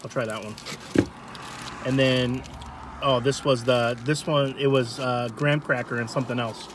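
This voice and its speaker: A man's voice: mid-range voice, steady tone, normal speed, background noise. A man from Rhode Island hosting a food vlog, chatting casually over a meal and talking to viewers. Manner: chatty, addresses viewers as guys.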